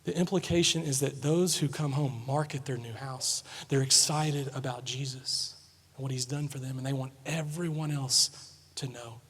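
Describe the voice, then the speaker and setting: A man preaching a sermon, telling a family story with lively swings between quiet asides and loud, excited moments. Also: medium pitch, normal speed, slightly rough. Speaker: pastor. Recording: long hall reverb.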